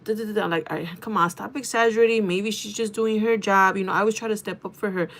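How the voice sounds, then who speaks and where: Animated, gossiping woman in her thirties. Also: medium pitch, fast. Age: 30s. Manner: animated gossiping with frequent swearing and laughter. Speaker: vlogger. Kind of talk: casual storytelling.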